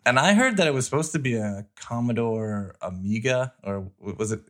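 A man's voice: medium pitch, expressive, normal speed, a bit bright. A man co-hosting a podcast, chatting casually and retelling movie scenes in a rambling way. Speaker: podcast co-host. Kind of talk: casual chat.

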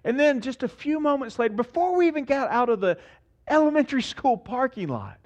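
High-voiced animated male pastor. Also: a little fast, lo-fi sound. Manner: animated preaching, acts out voices. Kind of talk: sermon.

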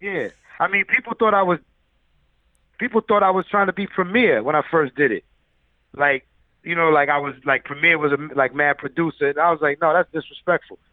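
A man's voice: a little high, brisk, no room sound. A man who is a music producer, telling stories loosely in a casual interview, full of fillers. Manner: loose, filler-heavy storyteller. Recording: tinny phone-like line.

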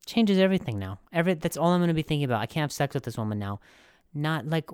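A man's voice: fairly high pitch, animated, fast talker, darkish tone, clear, resonant tone, dry recording, studio quality. A young man hosting a comedy podcast, rambling and sarcastic with lots of restarts. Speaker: podcast host. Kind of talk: comedic monologue.

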